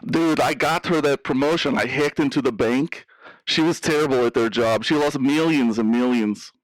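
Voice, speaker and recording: A man's voice: mid-range voice, moderate pace, no room sound, lightly acted, rough recording. A man playing a drunk, boastful hacker who calls a radio show, in a put-on Russian-sounding accent, slurring and calling everyone bro in an improvised comedy. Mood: drunk bragging. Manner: slurring, brash, says bro and dude.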